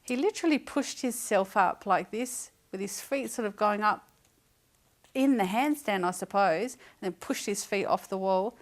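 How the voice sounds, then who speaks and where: A woman's voice: medium pitch, moderate pace. A woman, a mother telling a personal story in an interview, speaking in a conversational, earnest way with some hesitations.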